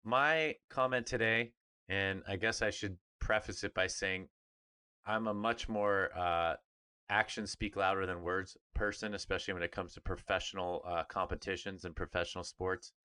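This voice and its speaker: A middle-aged man talks sports on a podcast, emphatic and animated. His voice sits fairly low but has a bright, forceful edge. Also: normal speed, clean tone. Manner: animated, emphatic, mimics others in funny voices. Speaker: podcast co-host, former pro player. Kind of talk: casual sports talk.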